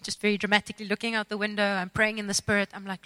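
A woman telling a personal faith testimony in an expressive, self-mocking, dramatic storytelling way. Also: medium pitch, racing, no echo. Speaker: speaker sharing a testimony.

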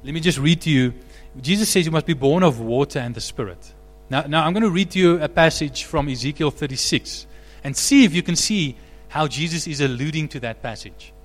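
A man preaching a sermon as pastor, animated, rising to loud emphatic peaks. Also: on the high side, a little fast, few pauses, big-room sound, faint music behind.

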